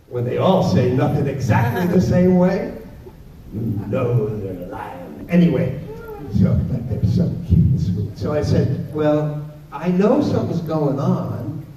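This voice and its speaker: Animated storytelling man in an echoey hall. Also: on the high side. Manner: animated, dramatic pauses, acts out voices. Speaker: actor telling a stage story. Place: convention stage. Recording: echoey convention hall, far from mic, dull.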